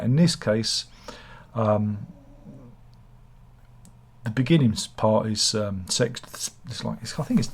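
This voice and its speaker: Husky, rambling man. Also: mid-range voice, a little mellow. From England. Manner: rambling, sardonic and self-mocking. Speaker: book reviewer, channel host. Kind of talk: casual review chat.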